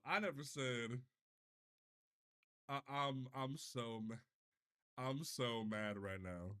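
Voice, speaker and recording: A man with a bright, forceful voice chats loosely on a livestream. He swears freely and trips over his words, restarting sentences as he goes, in a mid-pitched everyday tone. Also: slow pace, long pauses. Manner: animated, profane, stumbling restarts. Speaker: livestream host. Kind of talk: casual livestream chat.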